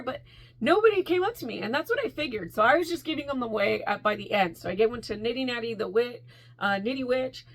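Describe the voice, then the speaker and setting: Chatty woman vlogger, animated and laughing. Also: a little high. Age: adult with a school-age daughter. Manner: animated storytelling, quick asides and laughs. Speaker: crochet vlogger. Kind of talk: casual chat to camera.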